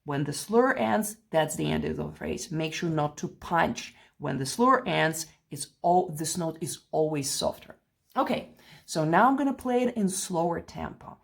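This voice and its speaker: Gravelly-voiced piano teacher, woman. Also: sits low, animated, measured pace. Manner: patient, explains with counting and spoken examples, laughs lightly. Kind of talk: play-along piano tutorial. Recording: piano heard faintly behind.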